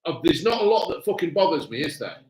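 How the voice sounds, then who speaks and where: A man's voice: a little high, very animated, quick pace, a little mellow, rough recording. A man hosting a live stream, reading out chat in blunt, crude casual talk. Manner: blunt, gruff, cheerfully crude. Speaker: livestream host reading chat.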